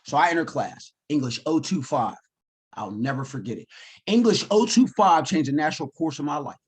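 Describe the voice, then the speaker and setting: This keynote speaker, a man in his forties, tells his life story with energy and acts out his own remarks. He talks a little fast in a slightly high, husky voice.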